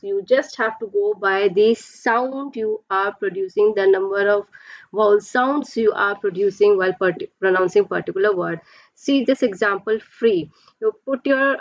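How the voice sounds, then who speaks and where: A woman's voice: medium pitch, no room sound, dull audio. A woman teacher giving a pronunciation lesson, explaining patiently step by step and drawing out her example words.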